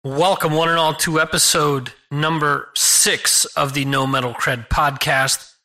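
Bright-voiced male podcast host. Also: fairly high pitch, level tone, measured pace. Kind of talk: podcast show introduction.

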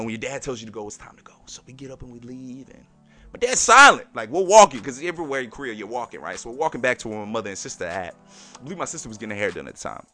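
A man hosting a podcast and telling a personal story in a lively, slangy way, talking straight to his listeners. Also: mid-range voice. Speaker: podcast host.

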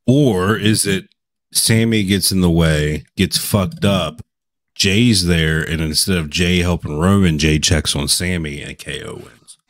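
A man's voice: deep voice, measured pace, no room sound. A tipsy man guest-hosting a casual podcast over a video call, teasing the others and swearing. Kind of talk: casual chat.

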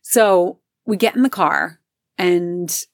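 A woman's voice: fairly low pitch, slow, creaky, no room sound, studio quality. A middle-aged woman telling a personal story in a casual, chatty way, full of fillers and acted-out quotes. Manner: chatty, filler-heavy, acts out quotes in raised voices.

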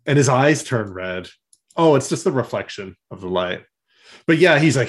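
Male co-host, average pitch, jokey and profane, laughs easily. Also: expressive, moderate pace. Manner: joking, laughs often, swears freely. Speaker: podcast co-host. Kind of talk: casual chat.

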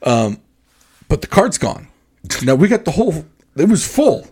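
A man on a podcast telling a rambling, animated story in casual chat. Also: on the high side, a little slow, husky. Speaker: podcast co-host.

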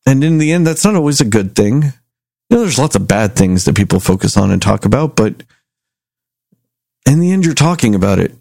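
A man casually reviewing a movie, rambling and animated as he retells scenes. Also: medium pitch, a little fast, gravelly, long pauses, no room sound. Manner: rambling, animated storytelling with acted quotes. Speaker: movie review podcast host.

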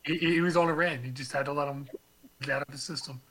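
Man, slightly high, bright tense voice, laid-back, casual podcast chat. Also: fairly even intonation, quick pace, poor audio. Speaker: podcast co-host.

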